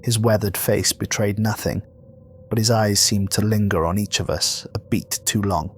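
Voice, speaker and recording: A man reading a scripted horror story in a measured, somber way. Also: on the low side, steady tone, slight background noise. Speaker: narrator.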